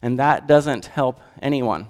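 A man preaching a sermon in a conversational, animated way and asking the audience questions. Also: medium pitch, takes it slowly. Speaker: pastor. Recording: long hall reverb.

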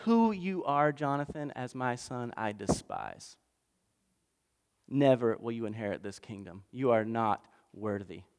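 A man's voice: mid-range voice, expressive, measured pace, clean tone, pitched below the performer's own voice. Pastor putting on an old king in a rage, contemptuous, big reverb. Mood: cold contempt. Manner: shouting insults, then cold and quiet. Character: furious older male king, scornful.

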